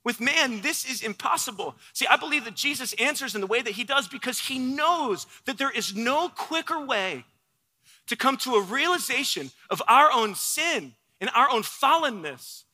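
A man's voice: very high voice, bright, forceful tone, big-room sound. A man preaching a sermon, earnest and explanatory, who asks his listeners questions as he works through a passage. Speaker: pastor.

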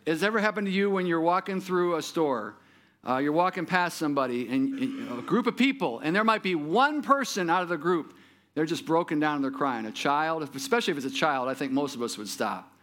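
A man's voice: fairly high pitch, lively intonation, brisk, fairly bright tone. A man preaching a sermon as pastor, talking conversationally and asking the congregation many rhetorical questions.

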